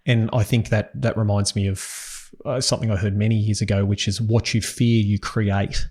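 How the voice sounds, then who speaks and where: A man's voice: fairly low pitch, flat delivery, normal speed, darkish tone, breathy edge. A man hosting a podcast interview, talking bluntly in a colloquial, conversational way. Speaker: podcast host.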